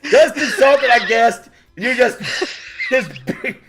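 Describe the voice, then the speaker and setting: A man hosting a casual livestream, bantering loudly and laughing as he teases his guests. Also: extremely high pitch, takes it slowly, husky, faint music behind. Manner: loud, laughing, teasing. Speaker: host.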